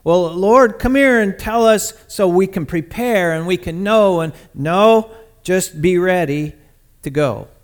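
A man preaching a sermon in a conversational, animated way, speaking directly to his congregation and swinging from loud bursts to quiet asides. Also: sits high, unhurried. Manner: talks to the congregation directly, calling on people by name.

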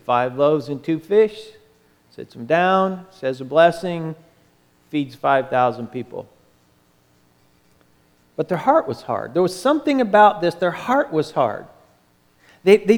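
A pastor preaching in a church, his voice sitting high for a man and ringing out with a long reverb around the hall. He tells the story in an animated way, stepping into the voices of the people in it as he goes. The room's echo trails after each phrase. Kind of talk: sermon.

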